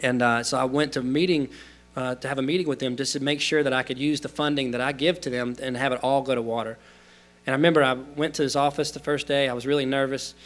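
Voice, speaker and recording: A man's voice: mid-range voice, fairly even intonation, quick pace, soft background music. A man, giving a guest talk in a lecture hall, earnest and conversational with fillers and restarts. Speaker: guest speaker. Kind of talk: storytelling talk.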